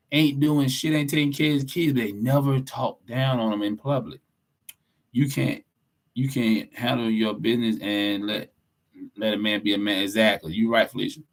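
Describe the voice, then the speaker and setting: A man's voice: medium pitch, fairly even intonation, normal speed, gravelly. Blunt, preachy podcast co-host man. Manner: blunt, preachy, profane, emphatic. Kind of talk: casual opinionated podcast talk.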